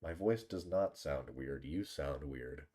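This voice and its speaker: A man's voice: extremely low pitch, slow, warm tone. A male streamer chatting casually with his live audience, teasing and bantering with some swearing, close to the microphone. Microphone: close desk microphone.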